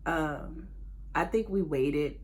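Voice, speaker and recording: A young woman talking straight to her viewers in a casual storytime vlog, candid and animated. Her voice sits a little low for a woman, and she jumps between slang, laughter and earnest confession. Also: takes it slowly. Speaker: vlogger.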